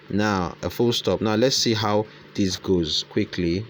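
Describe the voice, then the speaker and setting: A man with a lowish voice hosts a casual screen-recorded tutorial, speaking a little slowly with few pauses. He thinks aloud and repeats his phrases as he dictates lines and punctuation, with slight background noise behind him.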